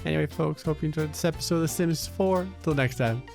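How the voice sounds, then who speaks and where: A man hosting a gaming channel, giving sarcastic, jokey commentary on a life-sim game and tossing off quick voices for the characters. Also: a little high, gravelly, darkish tone, faint music behind. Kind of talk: comedic gameplay commentary.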